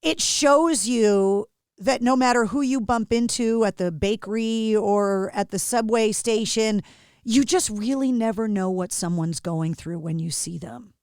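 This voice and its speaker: Woman podcast host, middle-aged, effusive and chatty, slightly high voice, dry sound. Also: a little slow, a little mellow, clear, resonant tone, no room sound. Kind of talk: casual interview chat.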